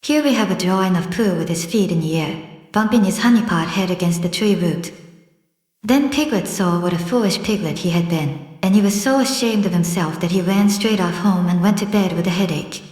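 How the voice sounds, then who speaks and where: A woman narrating a children's audiobook gently, describing the drawings as she goes. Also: on the low side, brisk. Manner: gentle, describes pictures aloud. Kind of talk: scripted storybook narration. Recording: roomy echo.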